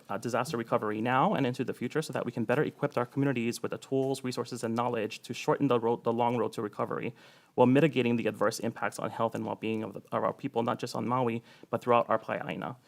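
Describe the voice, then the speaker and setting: A man's voice: mid-range voice, steady tone, creaky. A man reading prepared testimony at a public hearing. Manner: reads quickly from a prepared statement.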